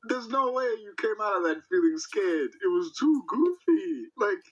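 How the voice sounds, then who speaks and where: A young man chatting as a podcast guest, telling a story in an animated, profane, laughing way. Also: sits high, moderate pace, dull audio. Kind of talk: casual chat.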